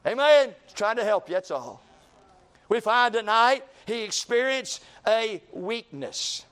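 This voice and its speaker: A man's voice: high voice, sing-song, takes it slowly, a bit bright, clean tone. A man preaching a sermon in church, acting out the despairing talk of ordinary people.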